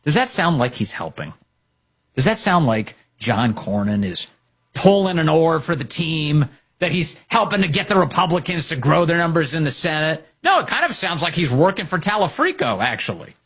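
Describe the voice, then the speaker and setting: A man delivers opinionated political commentary with open sarcasm and mockery. His pitch swings widely as he talks, and his voice sits a little high with a husky edge. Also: normal speed. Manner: sarcastic, mocking, animated.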